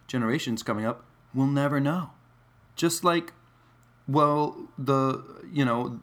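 A man's voice: fairly low pitch, a bit bright. A man musing in a casual, rambling monologue, wry and digressive, with many fillers.

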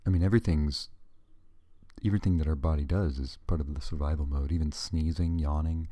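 A man's voice: extremely low pitch, fairly even intonation, brisk, mellow, dry recording. A man talking casually to the camera in a rambling, digressive way, with joking asides and frequent self-corrections. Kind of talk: casual monologue.

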